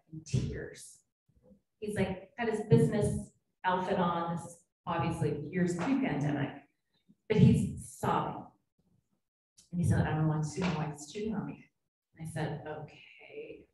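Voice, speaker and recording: A woman's voice: fairly low pitch, dark tone. A woman psychiatrist giving a conference keynote, telling stories in a conversational way and acting out quoted voices. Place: conference hall. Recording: echoey hall, speaker far from mic, faint hum.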